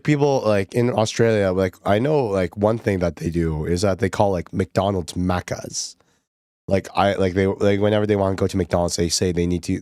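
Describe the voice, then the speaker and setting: A man's voice: deep voice, darkish tone, no echo, studio quality. A male streamer chatting casually while gaming, giggling often and rambling with lots of fillers. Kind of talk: casual livestream chat.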